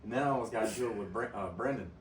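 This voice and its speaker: A young man co-hosting a podcast, trading crude, animated work stories in casual chat and laughing a lot. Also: lowish voice, very fast. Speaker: podcast co-host. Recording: echoey room, distant mic, faint noise.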